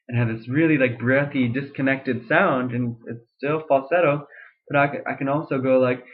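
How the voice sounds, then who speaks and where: A man's voice: mid-range voice, steady tone, normal speed. A young man giving a casual voice lesson, explaining vocal registers with fillers and restarts and breaking into sung demonstrations. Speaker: voice teacher. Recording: tinny lo-fi webcam audio.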